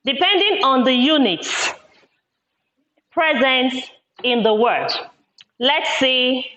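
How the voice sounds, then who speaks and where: A woman teacher giving a classroom lesson, speaking slowly and deliberately and repeating words syllable by syllable. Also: sits high, expressive, sharp tone. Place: classroom with a board. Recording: echoey room, dull lo-fi sound.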